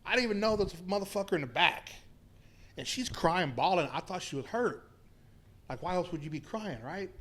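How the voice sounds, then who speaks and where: A man spins a long, swearing-laden story across the podcast table. His voice sits a little high for a man, and he drives the tale along with lively, animated energy. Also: fairly quick. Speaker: podcast guest. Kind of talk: casual storytelling chat.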